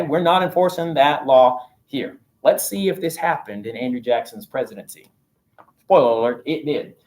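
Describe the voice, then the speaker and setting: A man teaching a history lesson in a casual, joking way, with slangy asides as he explains. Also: on the high side. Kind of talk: recorded classroom lesson.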